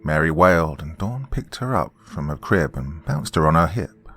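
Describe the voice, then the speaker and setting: A man with a very deep voice narrates a scripted horror tale in a measured way. His delivery is steady and even. Faint music plays underneath. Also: slightly rough. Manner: measured storytelling.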